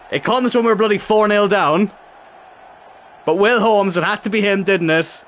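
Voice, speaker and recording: Frustrated and swearing, a gaming YouTuber narrates his football career-mode match live and urges his players on. His high voice is animated and fairly bright, at a moderate pace with frequent pauses, over slight background noise.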